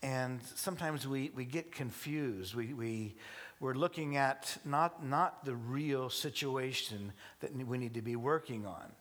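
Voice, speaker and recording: A male pastor preaching to his congregation, halting with many restarts and light joking asides. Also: medium pitch, a bit bright. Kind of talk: sermon. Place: church service before a congregation.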